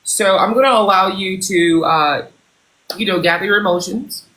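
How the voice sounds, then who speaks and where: A man hosting a livestream, playing a boss and CEO who interviews callers in a mock-formal, unhurried way. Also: high-pitched, sharp tone. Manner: mock-formal, unhurried, slips into thanking viewers. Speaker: livestream host. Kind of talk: role-play job interview as a boss and CEO. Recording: roomy echo, faint clicks.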